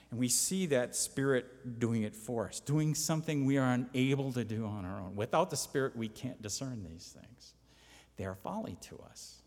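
A pastor or Bible teacher delivers a conversational sermon, reading scripture aloud and driving his points home with emphasis. His voice is medium-pitched and darkish, with the sound of a large room.

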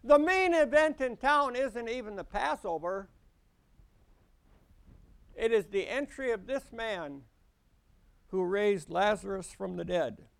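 Male preacher, older, unhurried pace, emphatic sermon reading and teaching. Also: high voice, lively intonation, vocal fry. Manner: slow deliberate preaching with emphatic rises.

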